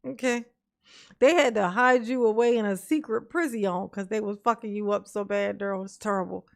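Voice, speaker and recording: A woman's voice: mid-range voice, fairly even intonation, normal speed, gravelly. A woman hosting a commentary stream, taunting and mocking in slangy talk, often breaking into laughter. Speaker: commentary host.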